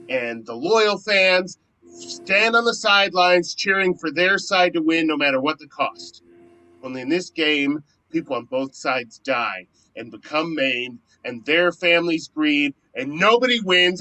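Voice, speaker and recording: A man plays an earnest friend full of guilt, pleading with feeling in an amateur virtual stage play. His voice is bright and sits fairly high, and it swings between soft and loud. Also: animated, measured pace, rough recording.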